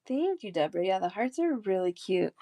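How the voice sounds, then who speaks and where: Giggly talkative woman selling beads on a live stream, mid pitch, dry close sound. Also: big pitch swings, fairly quick, warm tone, dry recording. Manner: talkative and giggly, chatting with viewers. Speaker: live-stream bead seller.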